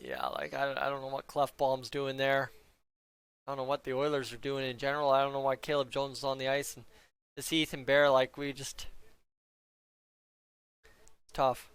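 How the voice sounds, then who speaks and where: A man's voice: medium pitch, little pitch movement, moderate pace, long pauses, a bit bright, clear, resonant tone. A young man giving a casual, joking play-by-play reaction to a hockey game for his viewers. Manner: chatty, joking asides to viewers.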